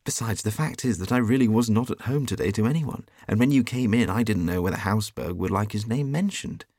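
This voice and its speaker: An actor playing a jovial, teasing gentleman painter who talks loudly and laughs heartily. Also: fairly low pitch, fairly quick, no echo, studio quality, pitched above the performer's own voice, close to an everyday voice. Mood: amused, teasing.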